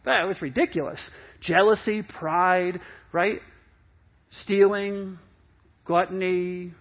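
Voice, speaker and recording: High-voiced husky male pastor preaching. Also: steady tone, takes it slowly, lo-fi sound. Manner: conversational, repeats and restarts, acts out quoted excuses. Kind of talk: sermon.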